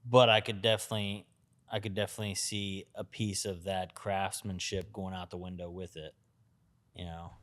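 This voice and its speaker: A relaxed male podcast host who speaks in a smooth, resonant voice that sits a little low. He chats easily and fills his sentences with casual asides. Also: moderate pace. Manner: easygoing, many fillers like "you know". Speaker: podcast host, tattoo artist.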